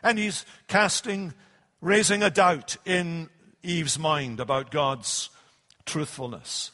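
High-voiced male preacher in a reverberant hall. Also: pushed and bright. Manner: deliberate, emphatic, slowing on key phrases. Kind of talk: sermon.

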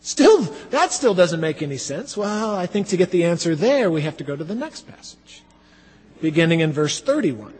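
A male preacher delivers a sermon with a high, ringing voice. He is dramatic and expressive. The sound carries a long hall reverb, as in a church sanctuary. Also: slightly rough. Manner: dramatic, acts out quoted voices.

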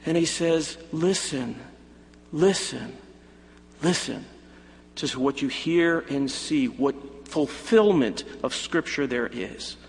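A man preaching a sermon in a church, animated and expressive, sometimes acting out imagined quotes. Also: on the high side, slow. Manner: animated preaching, voices hypothetical quotes of Jesus. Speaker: pastor. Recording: church hall reverb.

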